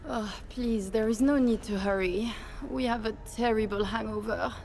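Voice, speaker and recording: A woman's voice: fairly high pitch, steady tone, normal speed, a little mellow, slight background noise, lightly acted. An actress voicing a female undercover agent with a put-on French accent, breezy and playful in a video game.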